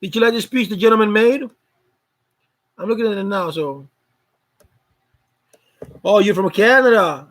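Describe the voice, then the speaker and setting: A man's voice: high-pitched, moderate pace, long pauses, a bit bright, low-quality recording. A man hosting a casual live stream chat, greeting viewers by name in a loose, repetitive way.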